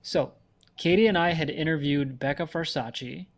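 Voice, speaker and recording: A man's voice: on the high side, normal speed. A man co-hosting a casual podcast chat, enthusiastically explaining tech and summarizing notes. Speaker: podcast host.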